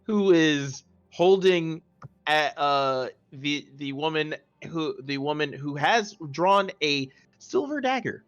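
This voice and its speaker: A man narrating as game master of an online tabletop game, halting and restarting his phrases. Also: on the high side, expressive, clean tone, lo-fi sound.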